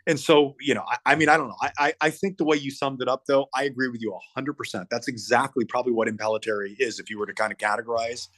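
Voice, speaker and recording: Middle-aged male guest musician, casual chat, excitable, trips over his words, mid-range pitch. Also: fast talker, hardly any pauses. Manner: animated, stumbles and repeats words.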